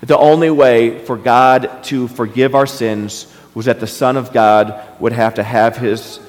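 A man's voice: medium pitch, steady tone, a little slow. A man preaching an impassioned sermon to his congregation, repeating rhetorical questions. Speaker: pastor. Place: church hall. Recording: reverberant hall.

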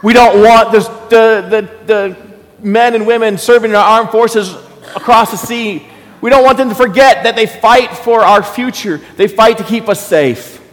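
A man's voice: high voice, normal speed. A man preaching an impassioned sermon to his congregation, repeating rhetorical questions. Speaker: pastor. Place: church hall. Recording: reverberant hall.

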